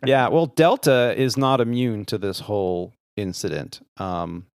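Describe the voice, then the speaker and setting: A man co-hosting a podcast, telling a long joke in a casual, animated way and voicing the people in it. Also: lowish voice, a little slow, smooth, dry recording, studio quality. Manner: animated joke-teller, voices the characters. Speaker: podcast co-host. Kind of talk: casual storytelling chat.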